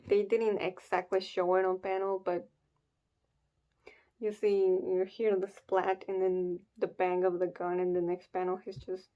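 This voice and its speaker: Woman reading a comic and reacting, slow and halting, bit muffled lo-fi audio. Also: fairly low pitch. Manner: hesitant, restarts, soft reactive sighs. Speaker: comic reaction video host.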